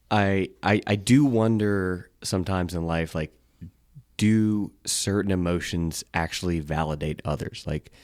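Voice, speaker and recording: A man's voice: low voice, darkish tone, no echo, studio quality. A man co-hosting a podcast in casual chat, laid-back, swearing now and then and restarting his words. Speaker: podcast co-host.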